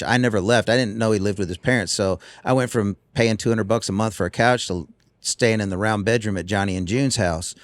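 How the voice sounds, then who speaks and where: A man, a guest telling lively stories in casual chat on a tour bus. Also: lowish voice. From North Carolina. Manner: animated storyteller.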